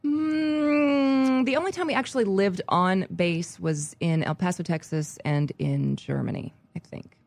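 A woman's voice: lowish voice, normal speed, gravelly, no room sound. Laughing, chatty woman telling stories. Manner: animated storytelling, laughs often. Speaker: guest. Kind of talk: casual chat.

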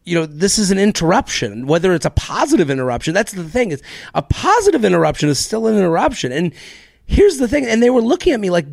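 A man hosting a solo comedy podcast, telling a story in an animated way and acting out both sides of each exchange. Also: sits high, quick pace, gravelly, no echo, clean studio sound. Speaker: podcast host.

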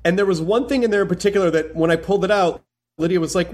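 A man's voice: high voice, very fast. A man hosting a podcast, chatting effusively and rambling with lots of fillers. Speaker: podcast host. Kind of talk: casual chat.

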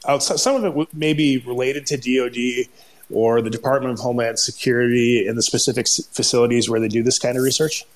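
A man's voice: mid-range voice, steady tone. A man with a Minnesota accent, speaking as a guest expert in an ad-libbed panel talk, stumbling and restarting often. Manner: halting, many restarts and jargon.

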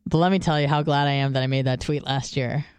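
This radio co-host talks fast with fairly even intonation, her smooth, clear, darkish voice caught on a dry close mic with no room sound. The studio chat is frank and profane, cluttered with fillers and restarts, and her voice shoots much higher when she quotes someone.

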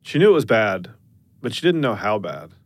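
Man narrating with lively pitch. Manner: measured storytelling with dry understatement. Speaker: podcast narrator. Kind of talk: scripted narration.

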